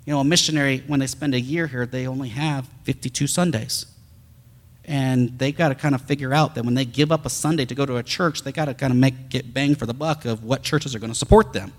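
A man's voice: medium pitch, fairly quick. A man preaching a sermon, telling a story in a conversational way with frequent restarts.

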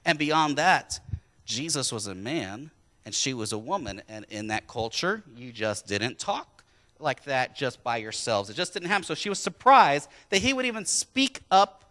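Man, pastor, from Wisconsin, sermon, conversational, joking with the congregation, bright voice, church. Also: medium pitch, sing-song, normal speed.

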